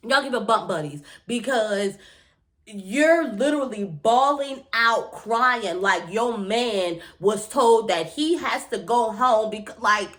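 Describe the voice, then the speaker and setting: A young woman, recapping a reality show in a casual, blunt, opinionated way, often jumping up in pitch as she rants. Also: slow pace. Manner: animated, blunt and opinionated, often jumps up in pitch, swears freely. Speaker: TV recap vlogger.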